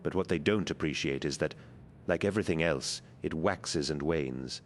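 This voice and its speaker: A man's voice: normal speed, slight background noise. A man voicing a passionate male artist who speaks with urgent, exasperated energy. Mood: indignant. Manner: exasperated, urgent, raised pitch.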